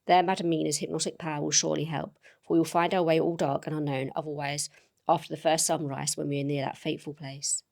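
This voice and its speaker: A woman reading aloud the lines of an elderly male professor, calm and wise, in a gamebook, with earnest, measured delivery of formal old-fashioned speech. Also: low-pitched, vocal fry. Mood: solemn.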